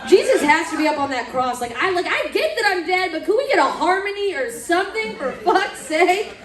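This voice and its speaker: A woman's voice: extremely high pitch, big pitch swings, brisk, a bit bright. A young woman from Mississippi doing a crude stand-up routine, laughing at her own jokes and acting out voices. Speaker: stand-up comedian. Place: comedy club stage. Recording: echoey club room, distant mic. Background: audience laughter.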